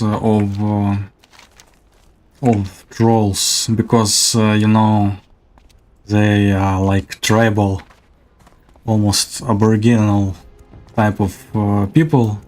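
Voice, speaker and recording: Man, streamer, casual gameplay commentary, hesitant, slow, faint music behind. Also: fairly low pitch, little pitch movement, darkish tone. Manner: hesitant, many fillers.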